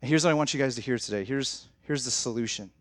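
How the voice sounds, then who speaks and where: Young pastor, male, chatty and direct with the congregation, talks fast, dry close mic. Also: medium pitch, no echo. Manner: conversational, direct, addresses audience as guys. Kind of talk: sermon.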